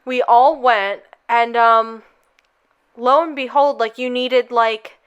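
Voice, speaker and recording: A woman's voice: fairly high pitch, fairly even intonation, slow pace, clear, resonant tone, highs cut off. A young woman co-hosting a podcast, telling a long story in a rambling, casual way full of fillers. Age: young adult. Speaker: podcast co-host.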